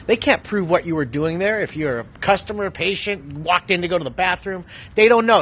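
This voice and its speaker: High-pitched man drilling a lesson. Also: brisk, hardly any pauses, a bit bright. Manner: emphatic, profane, drilling a lesson. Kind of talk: clip with scripted call-and-response.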